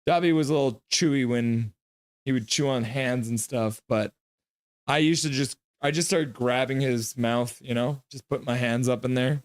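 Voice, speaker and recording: A man's voice: mid-range voice, normal speed, no echo, studio quality. Chatty man reading live chat. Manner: reads viewer comments aloud, jokey, chatty play-by-play. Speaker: live stream host. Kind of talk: casual live-stream chat reading and game reaction.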